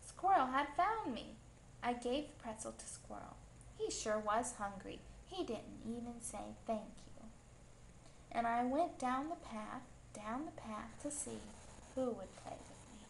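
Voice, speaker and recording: A woman reading a picture book aloud to children in a slow, gentle storytelling manner. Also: on the high side, expressive, vocal fry, a little hiss or hum. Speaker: storybook reader. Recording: echoey room, faint ambience.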